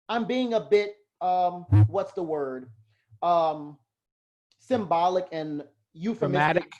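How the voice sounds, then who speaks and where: A man teaches a live class in a relaxed, chatty lecture, often poking fun at himself and laughing along with the room. His pitch swings widely as he talks. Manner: chatty, self-deprecating, quick to laugh. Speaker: heraldry class instructor.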